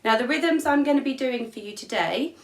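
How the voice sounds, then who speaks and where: A woman's voice: high voice, animated, brisk. A woman teaching an online music lesson for young children from her home, encouraging and counting beats aloud. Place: at home, room with instrument. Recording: echoey room, mic at a distance, noisy.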